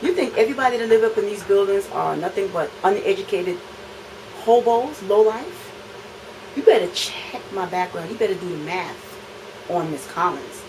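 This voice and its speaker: A woman records a heated tenant's complaint on her phone inside her apartment. She speaks with indignant force, hammering points home by repeating them. Her voice sits at a middle pitch, with a faint hiss of background noise. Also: lively intonation, normal speed. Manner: indignant, emphatic, repeats phrases for effect. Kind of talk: impassioned complaint vlog.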